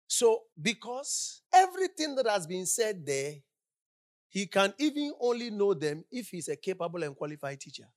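A woman delivers a sermon in church, holding a handheld microphone right at her lips and firing repeated questions at the congregation, who call back in response. Her medium-pitched voice swoops wildly as she moves at a moderate pace, emphatic throughout, swinging from loud shouted lines to hushed asides.

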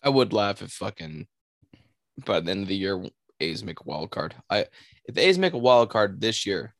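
A man chatting baseball on a casual podcast, rambling and swearing as he loses his thread. His voice sits a little low and sounds dry and close-miked. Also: sing-song, moderate pace, creaky, no echo. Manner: profane, rambling, loses his train of thought. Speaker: podcast co-host. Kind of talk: casual sports chat.

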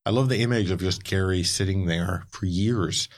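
A man hosting a podcast, telling lively anecdotes in a casual chat. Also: sits low, normal speed. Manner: animated anecdote teller who acts out quotes. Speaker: podcast host.

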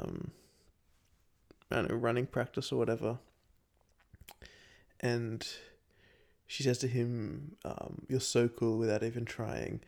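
A man's voice: mid-range voice, creaky, mellow. A young man co-hosting a casual podcast, talking earnestly and fondly about films. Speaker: podcast co-host.

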